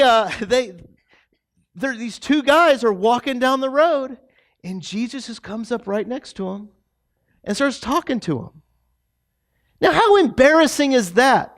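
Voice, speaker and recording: Man, high voice, pastor, casual sermon, chatty storytelling with fillers and restarts. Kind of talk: conversational sermon. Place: church sanctuary.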